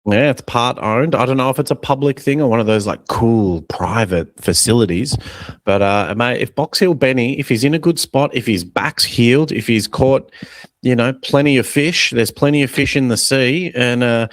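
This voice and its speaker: A man's voice: medium pitch, moderate pace, no echo. A man with an Australian accent, co-hosting a casual comedy sports podcast in a rambling, laid-back way with lots of fillers. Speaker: comedian co-host.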